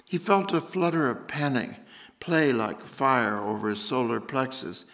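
A man, an author, reading literary fiction aloud at a museum event in a measured, deliberate way. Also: medium pitch, lively intonation, fairly bright tone.

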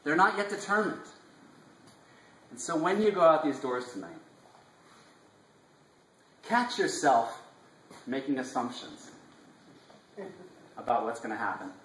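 A man giving an impassioned, inspirational live talk, emphatic with drawn-out phrasing, recorded from a distance in a live salon room. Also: mid-range voice, a bit bright, reverberant. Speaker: speaker presenting his class.

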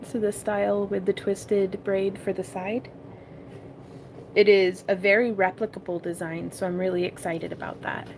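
A woman's voice: medium pitch, level tone, normal speed, slight background noise. A woman hosting a casual crafting tutorial livestream from her home craft room. She chats with viewers, giggles often and calls them y'all.

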